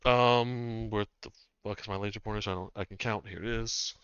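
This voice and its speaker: A man's voice: fairly low pitch, fairly even intonation, a little fast, a bit bright, clean tone, dry recording. A man acting as game master, narrating actions and rulings in a casual way that includes some swearing. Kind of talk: running a tabletop game. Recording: slightly dull dry mic.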